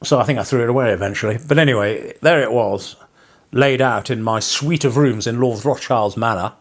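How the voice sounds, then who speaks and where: A man's voice: mid-range voice, fairly quick. A man from England, a parson vlogging, talking in a wry, digressive way with chuckling asides. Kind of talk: casual rambling vlog monologue.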